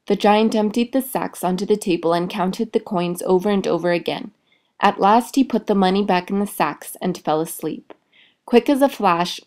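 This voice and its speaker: Woman, reading a fairy tale aloud, clear expressive delivery, mid-range pitch. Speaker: storyteller.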